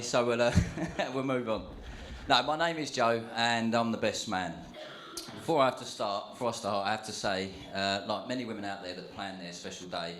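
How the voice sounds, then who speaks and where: A man's voice: medium pitch, fairly bright tone, a little hiss or hum. A man giving his best man's speech at a wedding reception, jokey and chatty, with many fillers and asides. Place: wedding reception venue, indoors. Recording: echoey reception hall.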